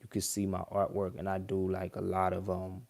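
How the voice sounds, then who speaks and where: A man's voice: low-pitched, completely flat delivery, moderate pace, gravelly, a little mellow. A young man hosting a livestream, giving casual, rambling reaction commentary full of slang and restarts.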